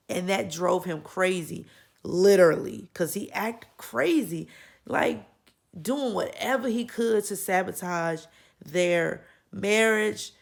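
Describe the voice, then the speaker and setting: Woman vlogger with a cold, gravelly, frank and opinionated. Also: mid-range voice. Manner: opinionated, frank, many fillers and restarts. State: getting over a cold. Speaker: YouTube channel host reviewing a series. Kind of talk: casual opinion vlog.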